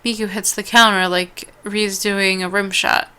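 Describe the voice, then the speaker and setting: A woman with a bright, clear-toned voice reads an interactive story game aloud. She trips over longer words, restarts her lines and slips in casual asides between passages. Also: mid-range voice, little pitch movement, unhurried. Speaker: let's-play host.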